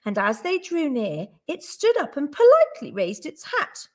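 A woman teacher reading a picture book aloud to children with clear, expressive storytelling. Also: high voice, moderate pace.

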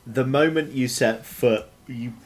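A man's voice: medium pitch, unhurried. A man running a tabletop game as dungeon master, rambling with many ums and restarts.

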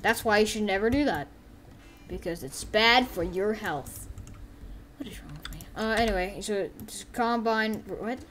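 A woman giving casual let's-play commentary. She rambles with many fillers and often breaks into sudden excited yelps. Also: mid-range voice, normal speed, pauses often, faint music behind. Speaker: gameplay commentator.

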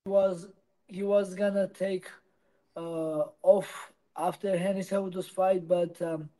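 Man with halting English. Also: sits high, level tone, dark tone, poor audio. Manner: halting, non-native English with many restarts. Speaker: interviewee, professional fighter. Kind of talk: casual interview answers.

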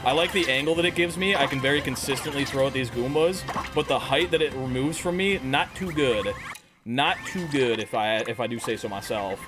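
An excitable man chats and jokes through a gaming livestream, cursing freely at an ordinary mid-range pitch. Game music plays clearly underneath his voice. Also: fast talker, hardly any pauses. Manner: jokey, profane, excitable. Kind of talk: casual gaming livestream chat.

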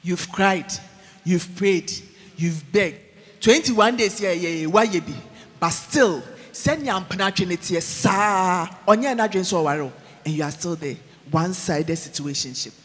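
Man, preacher, very high voice, long church reverb, animated, switches between English and Twi. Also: unhurried. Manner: animated, mixing English with Twi, shouting and dropping low. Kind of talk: sermon.

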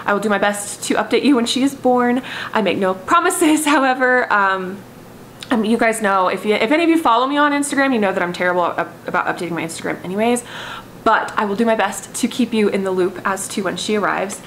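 A woman's voice: mid-range voice, animated, fast talker, fairly bright tone, slight background noise, poor audio. A pregnant woman, chatting casually to camera in a rambling way. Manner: chatty, rambling, frequent "I was like" asides. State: heavily pregnant, has hiccups. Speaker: vlogger.

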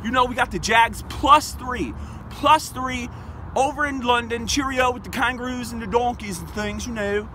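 A man's voice: very high voice, moderate pace, a little hiss or hum. A young man hosting a comedic sports betting vlog, brash, boastful and profane, recorded outdoors in a parking lot. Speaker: sports picks vlogger.

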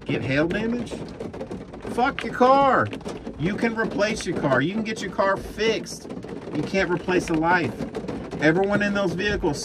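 A man who drives a truck, ranting loudly and with plenty of profanity in a vlog recorded while driving. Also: fairly high pitch. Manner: heated, profane, animated ranting. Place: truck cab on the road. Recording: noisy truck cab.

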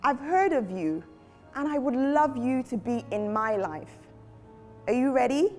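A woman's voice: sits high, lively intonation, a little slow, a little mellow, soft background music. A woman host speaking with enthusiasm to children and leading them in prayer.

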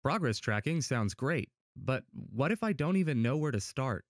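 A man's voice: medium pitch, lively intonation, normal speed, dry recording, studio quality. A man asking friendly questions in a scripted church explainer dialogue. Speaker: promo co-presenter.

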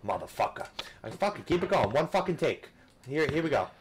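A man giving profane, frustrated commentary over a game, ranting and cursing, swinging between yelling and muttering. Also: on the high side, sing-song, fairly quick, slight background noise. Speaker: gaming youtuber.

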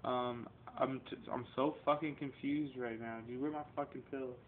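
A man's voice: medium pitch, fairly even intonation, moderate pace. A man in his thirties, talking straight to camera in a rambling, profane vlog that swings between confrontation and emotion. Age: 30s. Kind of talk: casual vlog rant. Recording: tinny lo-fi webcam audio with faint noise.

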